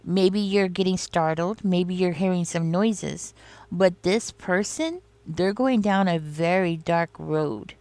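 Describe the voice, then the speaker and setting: This tarot reader speaks in a lowish, slightly mellow voice at a slow pace, with a dry recording and no room sound. Her casual reading wanders and confides, full of "like" and "you know," and she addresses the listener directly throughout.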